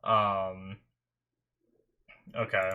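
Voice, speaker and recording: A man's voice: deep voice, level tone, very slow, pushed and bright, clean tone. A young man in his bedroom, chatting casually as an anime reaction host and rambling through a story with many restarts. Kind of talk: casual chat. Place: bedroom at home.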